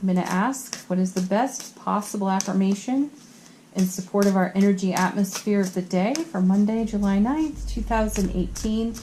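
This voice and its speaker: A woman doing a tarot card reading, earnest and gentle, tired, often giggling at herself. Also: mid-range voice, normal speed, slight background noise. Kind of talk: spiritual card reading to camera.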